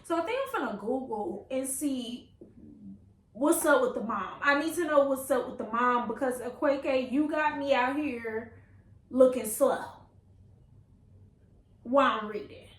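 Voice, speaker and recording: Slow-talking woman in an echoey room. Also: sits high. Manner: playful, laughing, reads passages aloud with reactions. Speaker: book vlogger. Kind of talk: casual reading vlog chat. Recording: echoey room with faint ambient noise.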